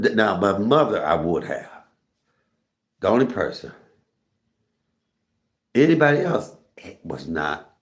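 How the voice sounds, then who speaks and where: A middle-aged man chats to his viewers in a low, gravelly voice, spinning a story with lots of laughter. His pitch swings widely, leaping high whenever he acts out his own reactions. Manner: animated, laughing, jumps into high excited pitch when retelling. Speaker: storytelling host of a live stream.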